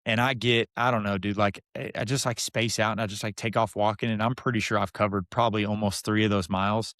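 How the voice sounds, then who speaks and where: Young man, casual storytelling, fast pace, dry close sound. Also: fairly low pitch, dry recording. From Texas. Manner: animated, mimics the people in his stories. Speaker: podcast guest.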